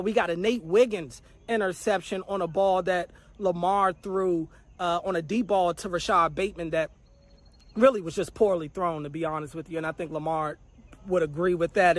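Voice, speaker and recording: Man, fairly high voice, sports reporter, conversational recap, steady listing of plays. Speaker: training camp reporter. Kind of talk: spoken practice recap.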